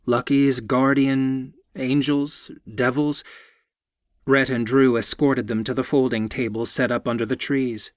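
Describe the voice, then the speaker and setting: A man reading a romance audiobook in scripted narration, wry and expressive. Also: mid-range voice, dry recording, clean studio sound.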